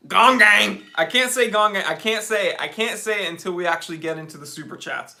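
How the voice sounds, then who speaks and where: A man's voice: sits high, fast talker, pushed and bright. A man hosting a casual live stream, chatting upbeat and reading out viewer comments with lots of fillers.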